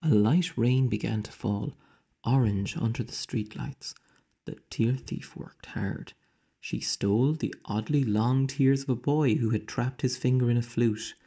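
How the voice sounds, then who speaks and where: Male teacher reading aloud to kids; husky, mellow, slow, with hushed whispers. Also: mid-range voice. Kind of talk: storybook read-aloud.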